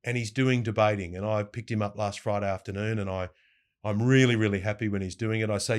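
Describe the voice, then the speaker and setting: Middle-aged Australian man, deeper register, animated anecdotal interview guest. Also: fast. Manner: lively anecdotes, mimics quoted voices. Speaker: breakfast radio host, guest. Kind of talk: casual storytelling interview.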